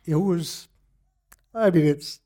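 A middle-aged man giving a personal faith testimony in an earnest, halting way, often restarting his sentences. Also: on the high side, dark tone. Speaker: church member giving testimony.

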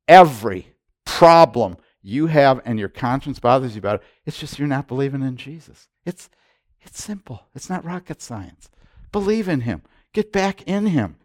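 A man preaching as pastor, emphatic and repetitive, his voice swelling loud on key points. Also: medium pitch, no echo, studio quality. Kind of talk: sermon.

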